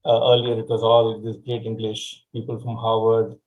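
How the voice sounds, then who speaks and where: A man's voice: lowish voice, completely flat delivery, normal speed, highs cut off. A man hosting a casual talk-show interview, hesitant with many fillers and repeated words. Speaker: host.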